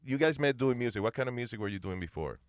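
A man's voice: medium pitch, lively intonation, fast talker, no room sound. A man hosting a chat show, joking and hopping between Spanish and English as he interviews guests. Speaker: talk show host. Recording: crowd chatter behind.

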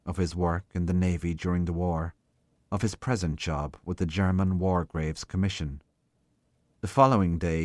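A man giving a slow, measured literary reading of a short story. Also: sits low, darkish tone, dry recording. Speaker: reader.

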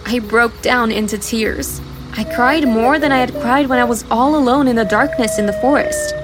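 Woman telling a personal story, earnest, kinda high voice, faint music behind. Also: moderate pace. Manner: earnest, expressive. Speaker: podcast storyteller. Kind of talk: first-person story narration.

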